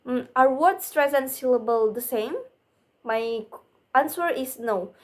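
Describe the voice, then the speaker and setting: A young woman, giving a class presentation on phonetics and reading slowly with restarts and fillers. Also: high voice. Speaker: student presenter.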